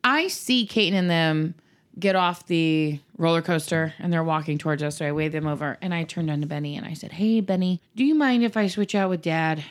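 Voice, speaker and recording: A mother in her thirties telling a chatty, animated family story, acting out the quotes in casual conversation. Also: deep voice, brisk. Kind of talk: casual chat.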